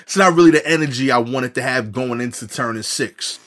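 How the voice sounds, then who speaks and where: A man's voice: medium pitch, fairly quick, a bit bright. A man, telling a funny personal story in a conversational way, full of wry asides. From New York. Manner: conversational, many "you know" fillers, wry asides.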